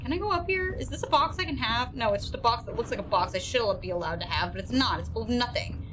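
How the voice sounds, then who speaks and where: Crude, high-voiced woman streaming a game. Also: expressive, fast talker, background noise. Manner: crude, self-mocking, sings silly made-up lines. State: stressed. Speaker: streamer playing a horror game. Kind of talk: live gameplay commentary.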